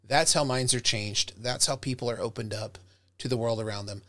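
A middle-aged professor lecturing his students on public speaking, lively and direct, sometimes acting out the flat or heartfelt tones he wants them to avoid or use. His voice is bright and forceful, close to the mic in a dry room with no echo. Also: medium pitch, brisk.

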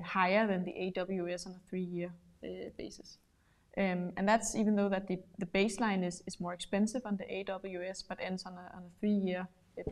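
A woman's voice: medium pitch, a little mellow. A woman presenting a business webinar over a video call, explaining steadily with frequent fillers. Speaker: webinar co-host.

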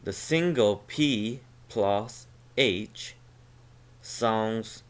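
A man teaching a pronunciation lesson, slowly sounding out syllables one at a time and repeating them. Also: on the low side, animated. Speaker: language teacher.

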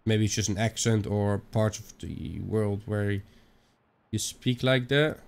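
A man's voice: lowish voice, unhurried, vocal fry, smooth. A young man with a Dutch accent giving rambling, chatty let's-play commentary, swearing now and then. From Netherlands. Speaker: gaming channel host.

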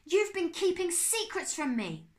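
A woman's voice: on the high side, very animated, pushed and bright, pitched above the performer's own voice. A woman reading aloud and voicing an anxious, angry young boy who speaks hurriedly. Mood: urgent. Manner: urgent, hurried.

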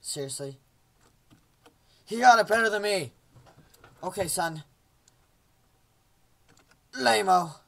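A man's voice: high voice, expressive, takes it slowly, creaky, pauses often. A young man casually commentating a game he plays at home, joking around and doing silly voices for the characters. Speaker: gameplay commentator.

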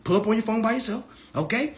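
A man's voice: high-pitched, fast talker. A man ranting on a livestream in a brash, taunting way, repeating "all right? okay?" to drive his points home. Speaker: livestream host.

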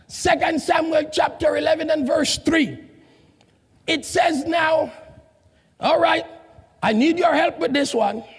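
A man preaching a sermon as pastor, calling out questions to the congregation with a shouting call-and-response manner and non-native grammar, recorded in a large church hall. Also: very high voice, vocal fry. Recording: long hall reverb, congregation faint.

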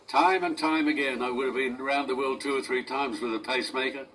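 A man in his eighties hosting talk radio, answering a hostile caller in a measured but indignant way. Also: medium pitch, steady tone, fairly bright tone. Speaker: radio host. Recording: distant radio recording with faint noise.

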